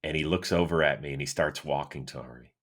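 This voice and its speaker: A middle-aged man from Cleveland hosting a solo sports show, answering listener questions in an animated, chatty storytelling way. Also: fairly quick. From Cleveland, Ohio, USA. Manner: animated, chatty storyteller with lively swings in pitch. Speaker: host.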